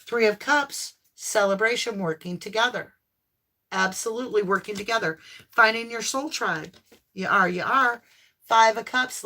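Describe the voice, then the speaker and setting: A woman's voice: medium pitch, sharp tone. A woman doing a live tarot reading for her viewers, talking in an effusive, affirming way with lots of exclamations. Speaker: tarot reader.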